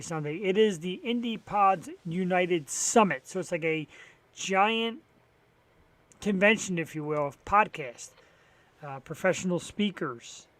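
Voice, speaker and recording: A talk show host with a notably high, slightly bright voice runs a solo live stream, chatting loosely to fill time. He rambles between topics with dry, wry sarcasm, especially about sports, and swears casually.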